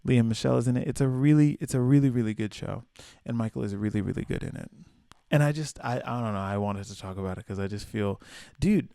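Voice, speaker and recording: A young man from the American South hosting a casual solo podcast, telling stories with swearing and playful high-pitched asides. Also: quick pace, vocal fry, no echo, studio quality. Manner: animated storyteller, swears freely, acts out quotes in high voices. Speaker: podcast host.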